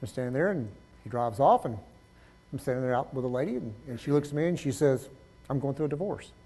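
A male pastor preaching a sermon, swinging between loud exhortation and low, conversational storytelling. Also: lively intonation, fast talker, faint music behind.

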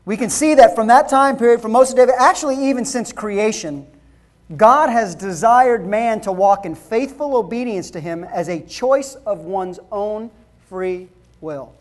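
A woman pastor giving a conversational sermon, asking the congregation questions and building to shouted emphasis. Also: a little high. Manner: conversational preaching with rhetorical questions, rising to shouts.

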